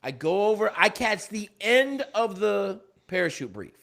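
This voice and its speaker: A man, a former Navy SEAL, telling a war story as a guest in a casual chat, cursing and lively. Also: high voice, measured pace, vocal fry. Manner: swearing, animated storyteller.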